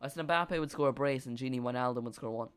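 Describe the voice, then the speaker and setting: Chatty man with a smooth voice. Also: medium pitch, quick pace. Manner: rambling, jokey, chats with live chat. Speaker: watch-along host. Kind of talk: live football watch-along commentary.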